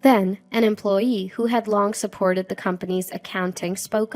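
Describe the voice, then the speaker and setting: A middle-aged woman narrating a scripted first-person story in an even, measured way. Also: medium pitch, no echo. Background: faint music.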